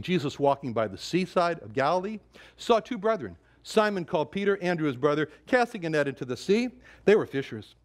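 Emphatic preacher man, fairly high voice. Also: big pitch swings, a little fast. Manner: emphatic, repeats words, quotes scripture in older English. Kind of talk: sermon.

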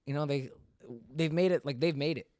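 A man's voice: on the high side, steady tone, brisk, darkish tone, no room sound, studio quality. A young man hosting a casual podcast chat, loose and laughing, swearing freely. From United States. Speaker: podcast host.

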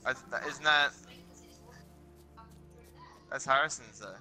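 Young guy, crude gamer banter, sharp edgy tone over game music. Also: mid-range voice, steady tone, takes it slowly. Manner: crude, laid-back, swearing and laughing. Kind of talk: casual banter while gaming.

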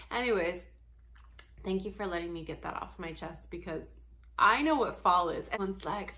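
A woman's voice: medium pitch, moderate pace, fairly bright tone. A young adult woman from the Pacific Northwest, talking to her viewers in a casual, joking rant and laughing often. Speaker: vlogger.

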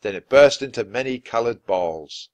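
A man reading a children's chapter book aloud for learners. His voice sits in the middle range and rises and falls with lively expression. He reads clearly and evenly. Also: medium pitch, normal speed, no echo. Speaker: storybook reader.

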